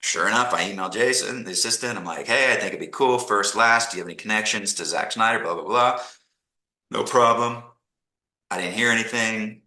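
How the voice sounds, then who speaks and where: A middle-aged man from Canada, a podcast guest telling animated stories and acting out the people he quotes. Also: lowish voice, fast talker, hardly any pauses, echoey room, low-quality recording. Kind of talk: casual storytelling interview.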